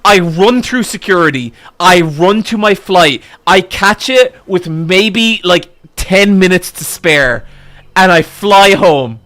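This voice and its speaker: A man streaming live and telling a long, exasperated anecdote to his chat, swearing freely and getting loud at the punchlines. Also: high-pitched, animated, slow pace, soft background music. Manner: profane, exasperated, building to loud outbursts. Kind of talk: animated storytelling to a live chat.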